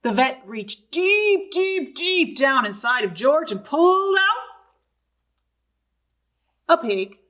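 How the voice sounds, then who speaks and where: A woman librarian reading a picture book aloud to young children, expressive and asking them questions. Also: high-pitched. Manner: slow, sing-song and expressive, asking young listeners questions.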